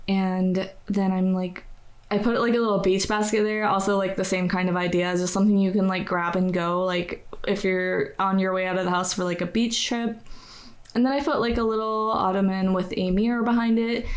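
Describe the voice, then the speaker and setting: Young American woman, casual voice-over, chatty, rambling, filler-heavy, mid-pitched voice. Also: fairly even intonation, normal speed. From United States. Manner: chatty, rambling, says "like" constantly, laughs at herself. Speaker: game builder narrating a speedbuild.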